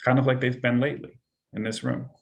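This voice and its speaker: Guy leading a sales training, talks soft and relaxed on purpose, bit of fry in the voice. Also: mid-range voice. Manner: deliberately soft-spoken and relaxed; questioning, exploratory phrasing. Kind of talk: presenting a training session.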